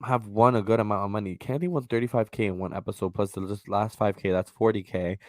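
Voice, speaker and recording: Podcast co-host, male, lively and profane, close dry mic. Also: fairly low pitch, quick pace, no room sound. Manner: animated, profane, swings into loud mock voices. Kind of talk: casual chat.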